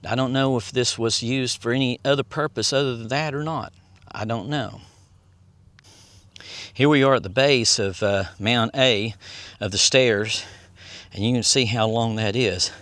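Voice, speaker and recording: A man's voice: mid-range voice, a little slow, a bit bright, no echo. Easygoing man touring outdoors. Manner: easygoing, rambling, reads signs aloud. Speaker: vlogger and tour guide. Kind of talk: casual touring commentary. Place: outdoors at a historic site on a hot day.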